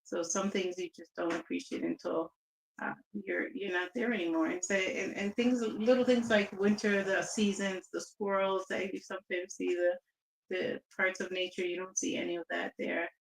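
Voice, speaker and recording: A woman's voice: medium pitch, little pitch movement, normal speed, gravelly. Chatty woman in an echoey room. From Southern California. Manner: reflective, chatty storytelling with restarts. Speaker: interview guest. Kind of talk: casual interview.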